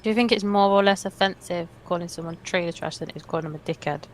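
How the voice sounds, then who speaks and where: A woman's voice: on the low side, fast talker, a little hiss or hum. A woman co-hosting a gaming stream, chatting casually in a blunt, teasing way and swearing freely. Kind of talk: casual chat while gaming.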